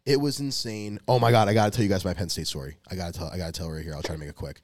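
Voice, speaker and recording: A man's voice: low-pitched, fairly even intonation, rapid-fire, dry recording. A young man telling a long, rambling, profane story in casual podcast talk. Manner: rambling, profane, restarts often. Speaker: podcast co-host.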